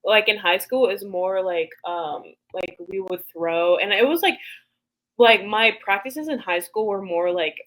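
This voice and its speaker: A woman's voice: medium pitch, a little slow, a bit bright, poor audio. A young American woman, a college athlete, telling stories in a casual interview with laughter and acted-out quotes. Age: young adult. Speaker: college hammer thrower.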